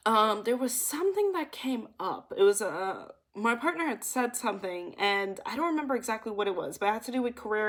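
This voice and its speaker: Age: young adult. Woman, chatty intuitive card reader. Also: fairly high pitch. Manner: chatty, emphatic, many asides to the viewer. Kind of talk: casual storytelling to viewers.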